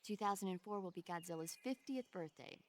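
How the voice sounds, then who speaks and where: A woman's voice: mid-range voice, brisk, a little hiss or hum, natural voice. A woman voicing a chatty movie-buff radio supporter. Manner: chatty, enthusiastic about movies. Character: cheerful young female radio support, film buff. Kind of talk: game cutscene dialogue.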